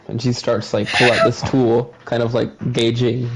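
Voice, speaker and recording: A man's voice: medium pitch, little pitch movement, moderate pace, vocal fry, husky. A man narrating a tabletop game as game master, describing scenes in a rambling way with many fillers. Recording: muffled lo-fi with faint hiss.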